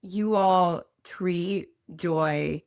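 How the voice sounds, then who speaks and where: A woman hosting a casual interview podcast. She asks her questions quickly and often laughs along with her guest. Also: on the low side, a little mellow, dry recording, studio quality. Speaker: podcast host.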